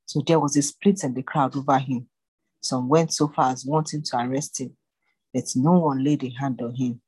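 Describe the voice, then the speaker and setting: A reader narrating scripture in a steady, even way. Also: medium pitch, moderate pace, slightly rough, no room sound, rough recording.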